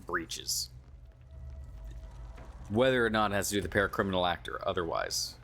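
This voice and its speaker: A man's voice: low voice, expressive, moderate pace, vocal fry, bright, forceful tone, a little hiss or hum. A man streaming a video game, giving casual, musing commentary and swearing freely. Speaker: gaming streamer.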